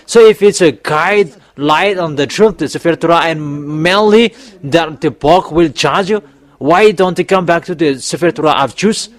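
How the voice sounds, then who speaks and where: Emphatic preacher man, higher voice. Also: moderate pace. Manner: emphatic, often rising to loud exhortations. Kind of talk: sermon.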